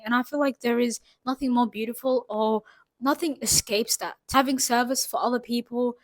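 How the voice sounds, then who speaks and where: A woman's voice: fairly high pitch, steady tone, moderate pace, no room sound, poor audio. A young woman giving a rambling, earnest motivational talk straight to the camera, full of fillers and asides. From Saudi Arabia. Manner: earnest, rambling, lots of "like" and "you know what I'm trying to say". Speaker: vlogger. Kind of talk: casual motivational monologue.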